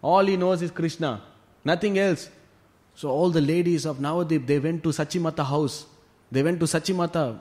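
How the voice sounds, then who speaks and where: Male scripture teacher, fairly high voice, lively storyteller with loose fillers. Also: normal speed. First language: Tamil. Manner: animated retelling with frequent "you know" fillers. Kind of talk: devotional storytelling class.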